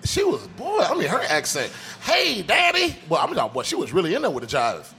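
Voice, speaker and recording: Excitable man talking fast, faint room hum. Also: on the high side. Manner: excitable, laughing, eager to interject. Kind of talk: casual podcast film discussion.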